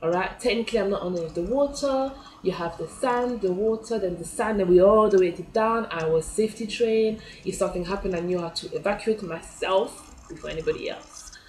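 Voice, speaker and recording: A woman's voice: medium pitch, fairly quick, a little mellow. A woman, telling a personal story in a chatty way and acting out her own reactions. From France. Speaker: vlogger. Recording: echoey room.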